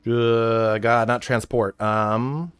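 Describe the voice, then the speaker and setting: A man's voice: medium pitch, little pitch movement, very slow, a bit bright, clean tone, dry recording, soft background music. A man from California with an American accent ranting casually on a livestream, swearing and laughing a lot. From California, USA. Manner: profane, rambling, laughs often. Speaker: streamer.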